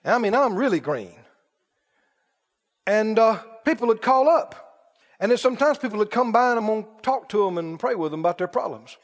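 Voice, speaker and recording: A man preaching a sermon, telling animated stories and laughing at his own jokes. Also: high voice, moderate pace, in a large hall.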